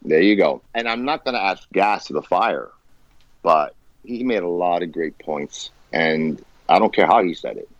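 A man speaking as a podcast guest, fired up and blunt, with plenty of swearing. His pitch leaps up and drops down again as he gets worked up. The sound is dull and lo-fi, with a dry, close feel. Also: lively intonation, normal speed, no echo. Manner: passionate, emphatic and profane. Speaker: guest musician. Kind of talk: candid podcast conversation.

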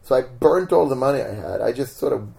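A man's voice: mid-range voice, fast, gravelly. A man from Sweden with a Swedish accent, a guest in a casual interview, telling stories at an easy pace with many "like"s and restarts. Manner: relaxed storytelling with repeated "like" and restarts. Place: home.

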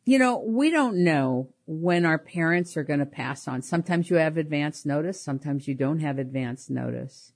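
Lower-voiced woman telling family stories. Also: normal speed, few pauses. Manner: animated, laughs often, repeats words. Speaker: podcast host. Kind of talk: personal storytelling.

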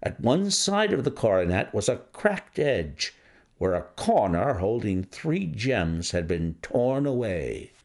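Male narrator, classic story reading, gravelly timbre, lively melodic phrasing. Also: lowish voice, slow. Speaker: audiobook narrator. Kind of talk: scripted narration.

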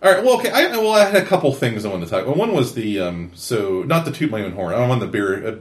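A man's voice: medium pitch, sing-song. Podcast host guy rambling and stumbling, voice jumping up and down a lot. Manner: rambling, halting, many fillers. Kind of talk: casual chat. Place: studio.

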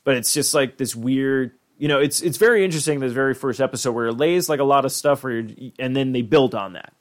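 A man's voice: medium pitch, fast. A man hosting a podcast in casual chat, rambling with many restarts and swearing freely. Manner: rambling, profane, frequent restarts. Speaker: podcast host.

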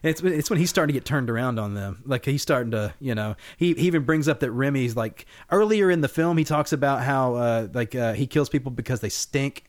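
A man's voice: mid-range voice, brisk, hardly any pauses. A podcast co-host in casual film discussion, rambling and swearing as he acts out scenes. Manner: rambling, profane, animated retellings of scenes.

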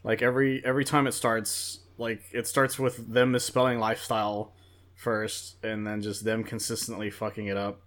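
A man's voice: on the low side, flat delivery, moderate pace, fairly bright tone. Blunt male podcast guest. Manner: blunt, swears freely. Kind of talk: casual chat.

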